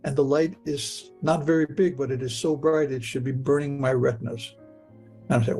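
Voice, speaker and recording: Gravelly man recounting a story. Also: medium pitch, fairly even intonation, a little mellow, faint music behind. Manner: halting, repeats words, earnest. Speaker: guest telling his story. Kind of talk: personal storytelling.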